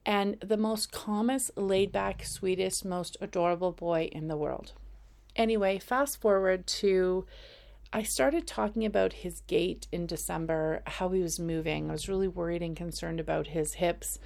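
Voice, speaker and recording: A woman's voice: on the low side, unhurried, vocal fry, a little mellow. A woman in her fifties hosting weekly inspirational messages, chatting in a rambling, casual way full of fillers. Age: 50s. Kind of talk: casual personal monologue.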